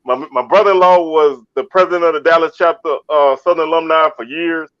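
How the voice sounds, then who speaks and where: Fairly high in pitch, a little fast, and smooth with a fairly bright tone, a man from Baton Rouge, Louisiana co-hosts a casual sports talk show. He tends to restart and repeat his words. The dull, dry lo-fi recording has no echo.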